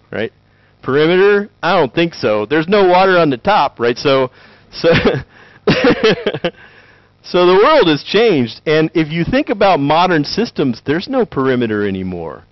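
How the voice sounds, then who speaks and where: Man, joking lecturer, lively swooping pitch, slightly high voice. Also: dry recording, dull audio. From Tennessee. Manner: animated, joking, acts out quick voices. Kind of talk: lively conference talk.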